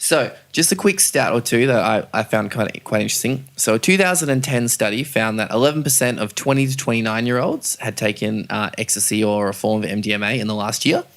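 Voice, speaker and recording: A man's voice: lowish voice, a little fast, hardly any pauses, fairly bright tone. A young man hosting a casual podcast discussion, chatty and hesitant with many fillers. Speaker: podcast host.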